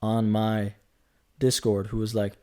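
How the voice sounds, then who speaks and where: A man's voice: lowish voice, monotone, a little slow, warm tone, clean tone. A man in his twenties talking through a casual solo podcast, rambling and chatty, joking as he goes and correcting himself. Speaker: podcast host.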